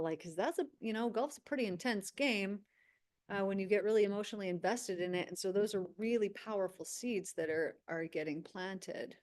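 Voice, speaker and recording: A woman hosting a spiritual circle, narrating a channeled vision step by step over a video call, often pausing with "okay". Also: medium pitch. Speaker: spiritual teacher and host.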